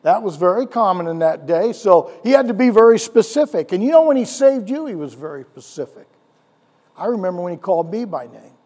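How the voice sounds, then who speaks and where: A male pastor preaching a sermon, animated, with rhetorical questions and chuckles, in a church. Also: sits high, a little fast. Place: church sanctuary. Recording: long church hall reverb.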